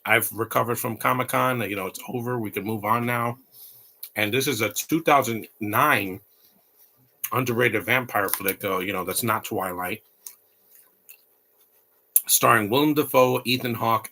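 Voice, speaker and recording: A man hosts a casual live commentary over a movie. His voice sits a little low but comes across bright and forceful. He rambles from point to point and drops blunt, opinionated asides. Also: a little hiss or hum.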